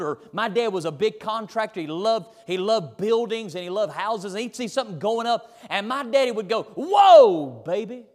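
A man, preaching a sermon in an animated, folksy, emphatic way, recorded in a church sanctuary. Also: sits high. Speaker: pastor. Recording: reverberant church hall.

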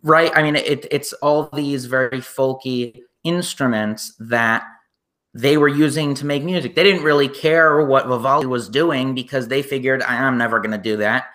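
A man's voice: mid-range voice, normal speed, a bit bright. A man co-hosting a casual music podcast, rambling through ideas with frequent "right?" asides. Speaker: podcast co-host.

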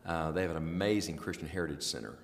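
A man with a West Virginia mountain accent, an evangelist telling stories in a relaxed interview at a camp. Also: extremely low pitch, quick pace, vocal fry. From southern West Virginia. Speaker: evangelist and podcast guest. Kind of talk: casual interview chat. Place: indoors at a summer camp. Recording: roomy echo with long reverb.

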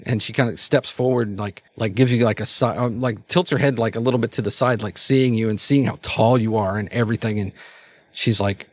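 A man's voice: fairly low pitch, fairly even intonation, fairly quick, no room sound. A man narrating a tabletop role-playing game as game master, rambling with many fillers and restarts.

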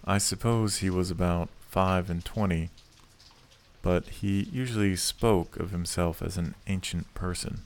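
Deep slow male audiobook narrator. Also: fairly even intonation, darkish tone. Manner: measured, unhurried storytelling. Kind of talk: reading a classic novel aloud.

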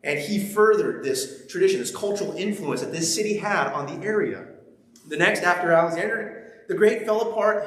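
A man's voice: sits high, animated, fairly quick, fairly bright tone. A man preaching a sermon, reading scripture and then talking with the congregation in a conversational, humorous way, often checking in with them. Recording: very echoey large hall.

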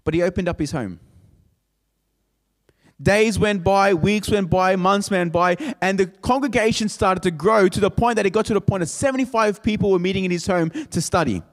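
A man's voice: sits high, normal speed, in a large hall. A man preaching a sermon as a pastor. He builds his points through emphatic, repeated phrases. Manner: emphatic, repetitive preaching cadence.

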